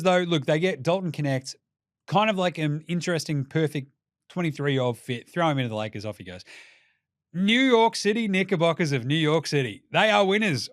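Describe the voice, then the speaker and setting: An Australian man riffs through basketball talk in a loose, joking way, swearing freely and slipping into mock voices. His voice sits a little high for a man. The sound is dry and close, with no room echo. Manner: profane, jokey, animated, mocks teams in put-on voices. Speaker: basketball podcast host. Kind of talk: casual solo commentary.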